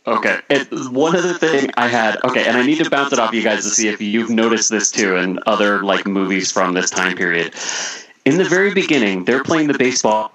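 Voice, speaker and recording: A man's voice: fairly low pitch, fairly quick, a bit bright, rough recording. A man chatting casually as a podcast co-host, blunt and sardonic, swearing freely as he reviews a movie.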